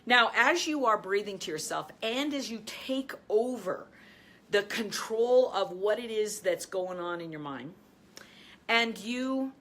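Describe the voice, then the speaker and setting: Energetic woman coach teaching viewers. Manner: energetic, addresses viewers directly, laughs often; softens to a calm low voice when guiding breathing. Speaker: host, life and business coach. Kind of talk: motivational teaching with guided breathing.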